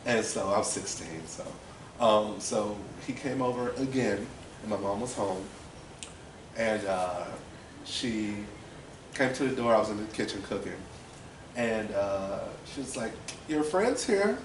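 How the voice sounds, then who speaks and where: A young man recounting a personal story in a candid, rambling way, full of fillers. His voice sits low, and the recording is roomy and distant, with noticeable ambient noise behind him. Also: unhurried. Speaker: interviewee.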